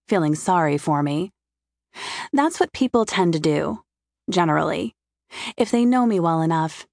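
A woman's voice: lowish voice, dry recording. A woman giving a wry, intimate first-person audiobook narration, recorded in a studio. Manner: wry, intimate inner monologue.

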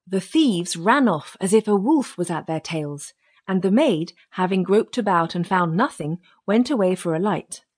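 Husky-voiced woman reading a fairy tale. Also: on the low side, moderate pace. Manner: steady storytelling. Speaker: audiobook narrator. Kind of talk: scripted fairy-tale narration.

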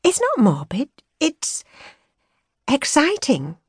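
A woman's voice: high voice, wildly swooping pitch, no echo, voice pushed up, heavily acted. A woman narrator voicing a young Yorkshire woman, earnest and teasing, in an audiobook. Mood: excited. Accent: soft Yorkshire. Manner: teasing, idealistic, quick to mock. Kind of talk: audiobook character voice. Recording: dry studio recording.

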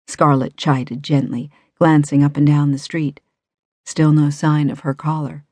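A woman reading a suspense novel aloud in measured, even narration. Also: low voice, no room sound. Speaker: audiobook narrator. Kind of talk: scripted audiobook narration.

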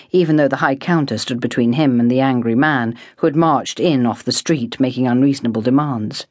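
A woman narrating an unabridged novel in a measured, expressive storytelling manner. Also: a bass voice, no echo, clean studio sound. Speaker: audiobook narrator. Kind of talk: scripted narration.

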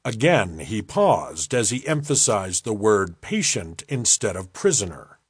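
A man narrating an audiobook in a measured, unhurried storytelling manner, close on a studio mic. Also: on the low side, big pitch swings, husky, dry recording. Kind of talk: scripted narration.

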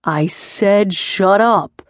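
A woman voicing a gruff, intimidating male warrior who speaks in a low, curt growl. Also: expressive, extremely slow, dry recording, clean studio sound. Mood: stern.

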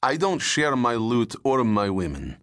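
A man's voice: medium pitch, very animated, unhurried, voice pushed up. A man doing a boastful, brutal Russian soldier. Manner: gruff, boastful, shouting slogans.

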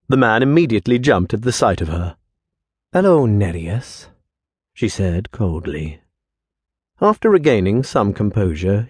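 A man narrating a fantasy audiobook in an expressive, measured storytelling manner, close to a studio mic. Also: fairly low pitch, slightly rough, no room sound.

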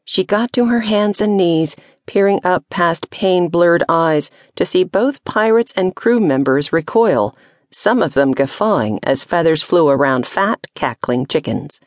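A woman narrating a children's audiobook in a steady, measured storytelling voice with vivid emphasis, recorded close in a studio booth. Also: on the low side, no room sound. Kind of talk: scripted narration. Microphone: close studio mic.

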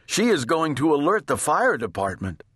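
A man's voice: on the high side, big pitch swings, normal speed, fairly bright tone, husky, dry recording, clean studio sound, pitched above the performer's own voice, exaggerated voice. A man voicing a pompous but nervous middle-aged husband in a children's storybook, making grand declarations. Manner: blustering, fake-confident declarations.

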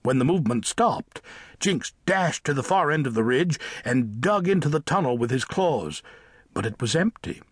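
A man narrating a children's audiobook with lively, expressive storytelling. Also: medium pitch, normal speed, slightly rough, no echo, studio quality. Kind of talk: scripted narration of a children's book.

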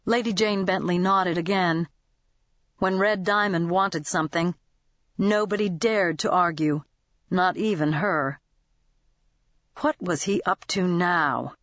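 A woman narrating a novel as an audiobook reader, in even, scripted storytelling. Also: lowish voice, slow pace, pauses often, no room sound, muffled recording.

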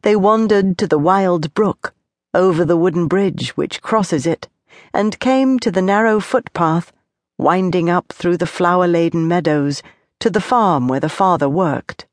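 A woman narrating a children's audiobook with gentle, measured storytelling. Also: fairly low pitch, no echo, clean studio sound. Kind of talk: scripted narration.

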